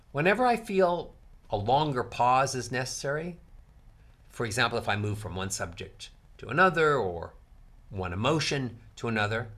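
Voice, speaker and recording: A male speaking coach teaching delivery, who shows emphasis by swinging his pitch and volume widely. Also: sharp tone. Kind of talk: instructional talk to camera.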